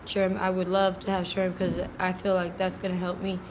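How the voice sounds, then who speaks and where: A woman's voice: fairly low pitch, completely flat delivery, normal speed, noisy background. A woman giving short, blunt answers in a street interview.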